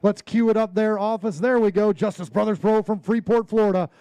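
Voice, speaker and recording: A man emceeing a live fishing tournament weigh-in on an outdoor stage, hyped and joking, shouting out the weights. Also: high-pitched, brisk, dry recording. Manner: hyped, jokey, loud call-outs.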